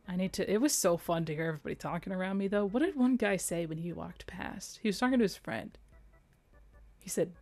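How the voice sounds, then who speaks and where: A woman's voice: fairly low pitch, a little fast, dry recording. A young adult woman streaming, chatting casually and playfully, with frequent giggles and rambling asides. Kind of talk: casual livestream chat.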